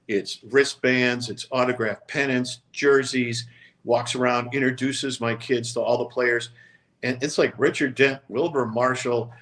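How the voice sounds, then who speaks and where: A man's voice: medium pitch, fairly bright tone. An older man, co-hosting a sports talk show and telling long stories in a reflective, regretful way. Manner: reflective, regretful storytelling with quoted voices. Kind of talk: casual storytelling chat.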